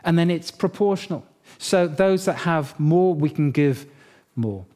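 A middle-aged man preaching a sermon as pastor, telling a story in a lively, humorous way. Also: a little high, unhurried.

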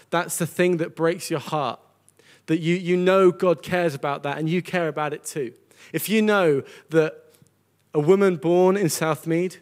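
A man preaching a sermon to a congregation, earnest and conversational, often repeating words as he goes. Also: a little high. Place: church gathering with a congregation.

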